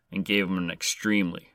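A man's voice: fairly low pitch, sharp tone, clear, resonant tone, no room sound, studio quality. A man hosting a podcast, reading a scripted story with crude, sarcastic jokes. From Canada. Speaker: podcast host.

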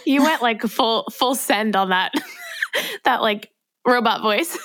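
A woman co-hosting a podcast in an upbeat, rambling way, quick to laugh. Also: a little high, animated, fairly bright tone, no echo, clean studio sound. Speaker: podcast co-host. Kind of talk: casual chat.

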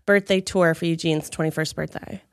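A woman's voice: low-pitched, steady tone, fairly quick, no echo. Gushing woman co-host, dry close sound. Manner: gushing, upbeat reactions. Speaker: podcast co-host. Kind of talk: casual chat.

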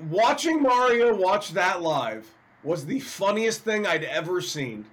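A man's voice: high-pitched, big pitch swings, a little slow, few pauses, fairly bright tone. A man hosting a sports talk show, telling a teasing story in casual chat.

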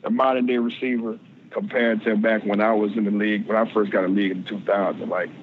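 A man's voice: fairly low pitch, flat delivery, fast talker, narrow, tinny audio, a little hiss or hum. A man in his forties, a former pro football player, talking as a podcast guest and often repeating words as he searches for them. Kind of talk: casual podcast interview.

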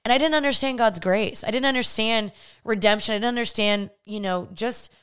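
Young woman sharing her testimony, smooth voice. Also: on the high side, fairly quick. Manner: animated, acts out remembered voices. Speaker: podcast host. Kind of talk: personal testimony monologue.

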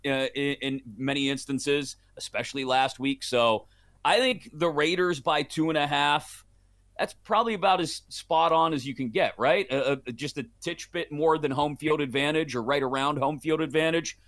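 A man's voice: fairly high pitch, fairly even intonation, a bit bright. Man breaking down football betting picks. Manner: measured, thinking aloud through picks. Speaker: sports betting guest analyst. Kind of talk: podcast sports betting talk.

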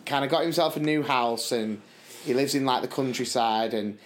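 A British man, a teacher who co-hosts a podcast, telling lively anecdotes in casual chat, laughing and acting out the people in them. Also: medium pitch, normal speed. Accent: British English. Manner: animated storyteller, laughs and acts out voices.

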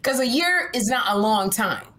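A middle-aged woman hosting a casual podcast chat, an animated storyteller who teases and laughs often. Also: fairly high pitch, moderate pace. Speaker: podcast host and stand-up comedian.

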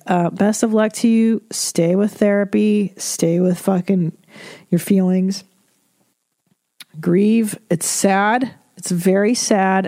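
A woman's voice: mid-range voice, warm tone, dry recording. Blunt, profane woman comedian giving advice. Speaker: podcast host. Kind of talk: advice podcast, reading listener emails.

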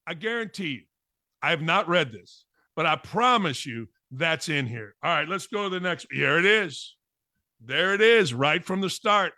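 Brash, high-voiced male sports talk host. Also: lively intonation, normal speed, pushed and bright, no echo, clean studio sound. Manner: brash, sarcastic, blunt. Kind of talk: opinionated sports talk monologue.

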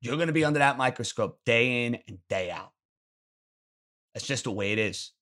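Sports radio host, male, bright and punchy delivery, blunt opinions. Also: medium pitch, lively intonation, normal speed. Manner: blunt, emphatic, ranting. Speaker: sports talk show host. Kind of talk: opinionated sports call-in commentary.

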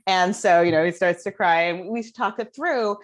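A woman's voice: lowish voice, moderate pace. A middle-aged woman, a guest author, chatting casually in an interview and telling stories with many fillers. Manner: animated storytelling with many fillers. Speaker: guest, child development author.

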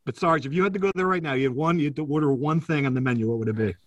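A man's voice: a little high, very fast, no room sound, far from the mic. A man hosting a casual sports podcast, quizzing his co-hosts and laughing often. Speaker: podcast host.

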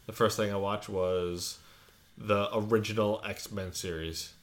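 A man's voice: fairly low pitch, level tone, a little slow. A man co-hosts a laid-back podcast. He speaks in a dry, teasing manner. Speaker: podcast co-host. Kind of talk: casual podcast chat.

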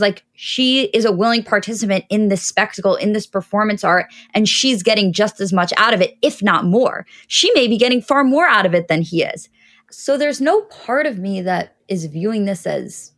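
A woman's voice: mid-range voice, lively intonation, normal speed, fairly bright tone. A woman co-hosting a pop culture podcast, talking through her opinions at length in casual chat. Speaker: podcast co-host.

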